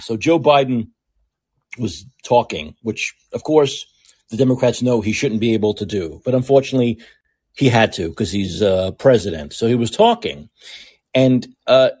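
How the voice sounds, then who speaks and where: Sarcastic, husky-voiced male podcast host. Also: medium pitch. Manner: sarcastic, mocking, animated rants. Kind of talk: political commentary monologue.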